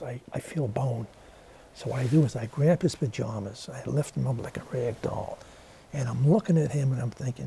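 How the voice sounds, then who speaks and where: Husky New York man telling a story. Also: medium pitch. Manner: animated storyteller acting out quoted voices. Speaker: guest, interviewer of war veterans. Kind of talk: storytelling in a TV interview. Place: TV studio.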